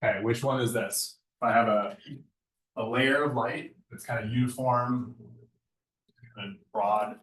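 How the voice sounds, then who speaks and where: A man's voice: mid-range voice, steady tone, measured pace, long pauses, fairly bright tone. A man giving a conversational lecture on lighting design, often tagging his points with a questioning "right?". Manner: conversational, keeps asking "right?". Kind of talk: classroom lecture. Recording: echoey room, far from mic.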